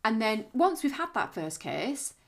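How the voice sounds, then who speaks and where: A woman's voice: on the high side, big pitch swings. A middle-aged woman co-hosting a podcast, talking frankly and casually with her husband. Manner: frank, chatty, quick to laugh. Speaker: podcast co-host. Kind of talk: candid casual chat.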